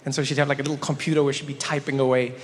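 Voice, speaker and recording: A man doing stand-up comedy with animated storytelling and frequent self-interruptions. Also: medium pitch, racing. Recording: live venue with long reverb.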